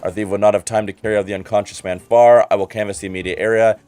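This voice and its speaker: A man's voice: fairly low pitch, level tone, very fast, a little mellow, clean tone, soft background music, natural voice. A man reading aloud as a haughty, condescending male investigator from a game, in a formal, cool and superior manner.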